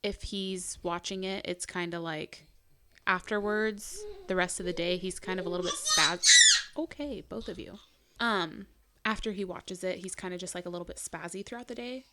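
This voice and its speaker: A woman's voice: on the low side, expressive, normal speed, background noise. A young adult woman co-hosting a podcast, talking in a chatty casual way full of "like" and "um". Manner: chatty, lots of "like" and "um". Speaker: podcast co-host, mother. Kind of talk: casual chat.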